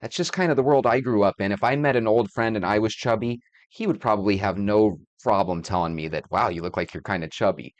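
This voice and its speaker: A man in his thirties, the host, calmly reasons through a story and speaks directly to his viewers. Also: on the low side, fairly quick, few pauses, no echo, highs cut off. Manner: calm, reasoning, talks to viewers. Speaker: host, commentator. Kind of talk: casual commentary.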